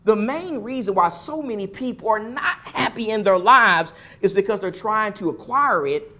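High-voiced preacher building emphatic repetitions. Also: male voice, expressive, moderate pace. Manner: swings between loud pushes and soft asides. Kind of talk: sermon.

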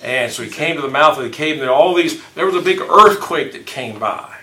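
Bright-voiced man leading Bible study. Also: on the high side, lively intonation, brisk. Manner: rambling, self-correcting storyteller. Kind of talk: casual group Bible discussion. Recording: echoey room, mic far off.

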